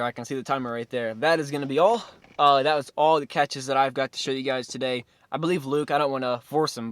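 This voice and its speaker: A man's voice: mid-range voice, a bit bright, clean tone, dry recording. A young man from the American South, filming his own fishing vlog outdoors with a chest-mounted camera, talking casually and often repeating his exclamations. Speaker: fishing vlogger. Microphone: chest-mounted action camera.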